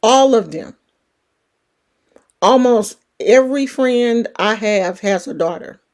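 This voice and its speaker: A middle-aged woman talks in a rambling, folksy way with a California country twang. Her voice sits on the high side and swings widely in pitch. She takes her time and never hurries. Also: animated, takes it slowly, darkish tone. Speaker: livestream host. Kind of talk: casual chat.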